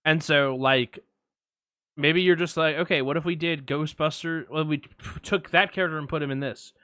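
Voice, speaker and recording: A man co-hosting a film podcast, chatting with quick asides and restarts. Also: fairly high pitch, steady tone, sharp tone, no room sound, clean studio sound. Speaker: podcast co-host. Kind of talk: casual film discussion.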